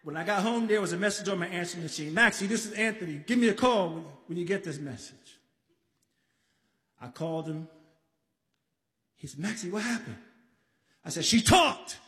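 A man from the Bronx telling a story on a live stage, animated, acting out voices and shouting at times. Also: high-pitched, normal speed, pauses often. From the Bronx, New York. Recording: live stage recording in a reverberant hall.

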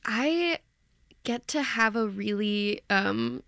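A woman stage actor talks about her role in a lively, casual way, often pausing to search for words. Her mid-pitched voice is recorded close and dry. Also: no room sound. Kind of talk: casual interview answers.

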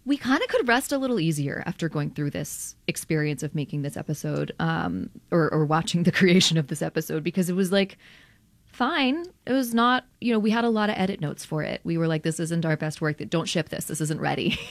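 A woman guest on a radio interview talks animatedly and casually, laughing often and filling her sentences with "like". Her voice sits a little low for a woman. The sound is dry and close, with no room echo. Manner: animated, quick, laughs often, many "like" fillers. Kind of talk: conversational interview.

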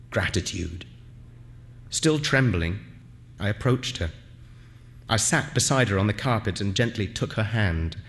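A man reading a literary story aloud in a slow, lyrical, tender way. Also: medium pitch. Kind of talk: scripted literary narration.

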